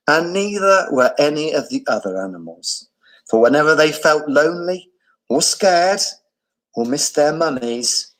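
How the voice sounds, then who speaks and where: Slow, expressive storytelling man. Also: fairly high pitch, rough recording. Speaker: teacher. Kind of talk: reading a children's story aloud.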